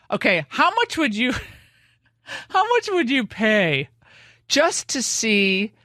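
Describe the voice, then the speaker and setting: Brisk opinionated woman radio host. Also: sits low, a bit bright, no echo, clean studio sound. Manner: chatty, emphatic, frequent restarts and asides. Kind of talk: opinionated casual talk radio monologue.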